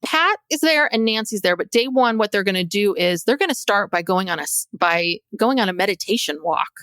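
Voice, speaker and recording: A woman's voice: mid-range voice, expressive, a little fast, fairly bright tone, clean tone, no room sound. Chatty woman podcast co-host recapping. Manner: chatty storytelling with fillers. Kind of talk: casual recap chat.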